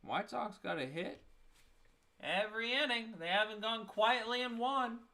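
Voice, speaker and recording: A man's voice: high-pitched, measured pace, sharp tone. A young man giving casual live baseball play-by-play, tired and yawning, with self-mocking asides between the calls. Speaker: play-by-play streamer.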